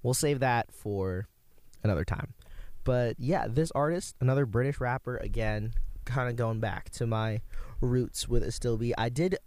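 A man's voice: mid-range voice, unhurried, a little mellow, dry recording. A young man hosting a college radio show, chatting casually and enthusiastically between songs, rambling with lots of fillers.

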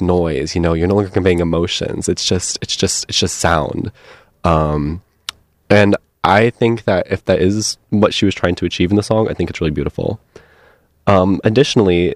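Man, music show host, very low voice, dry close sound, loose rambling talk. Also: dry recording. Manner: relaxed, rambling, many fillers. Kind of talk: casual music radio talk.

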